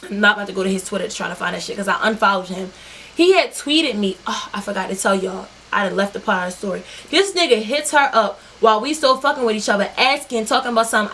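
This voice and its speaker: A woman telling a story in a casual vlog, animated and profane, acting out her own lines and other people's. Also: a little high, fairly quick, poor audio. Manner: animated, profane, quotes herself and others in dialogue. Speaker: vlogger.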